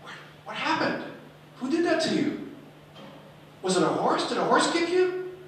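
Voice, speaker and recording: Nosy, taunting schoolchildren, as a man puts them on in a lively, piping voice that jumps around. The voice carries from a distance through a very echoey hall with faint room noise. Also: unhurried, exaggerated voice. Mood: pestering. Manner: shrill, pestering and insistent. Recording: echoey hall, speaker far from mic.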